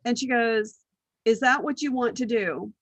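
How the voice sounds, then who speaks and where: Speaking a little high and a little slowly, this middle-aged business strategist shares lively anecdotes from her life as an interview guest. She performs what others said and laughs a lot, and the recording is rough but has no echo.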